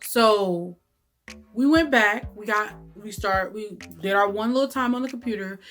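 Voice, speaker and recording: A woman telling a story to camera in a casual vlog, animated and cursing freely, with lots of "like" and "right?". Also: medium pitch, unhurried, soft background music. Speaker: YouTube storyteller.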